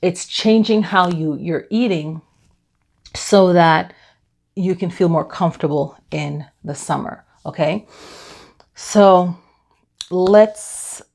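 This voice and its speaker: A woman leading a guided tapping class, explaining gently and then repeating soft affirmations for listeners to follow. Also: on the low side, takes it slowly, gravelly, pauses often. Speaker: EFT tapping instructor.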